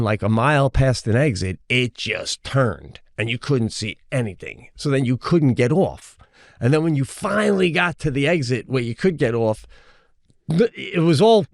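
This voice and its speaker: A man co-hosting a comedy podcast, telling a long story in a lively way, jumping into high-pitched voices when he quotes others and swearing casually. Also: dry recording, clean studio sound. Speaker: podcast co-host.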